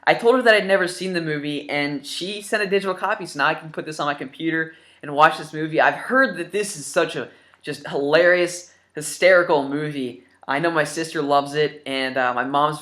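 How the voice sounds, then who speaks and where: A man's voice: on the high side, pushed and bright. A man in his twenties hosting a casual gaming vlog, eager and rambling, with lots of ums. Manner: enthusiastic and rambling, with many fillers. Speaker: gaming YouTuber showing his new games.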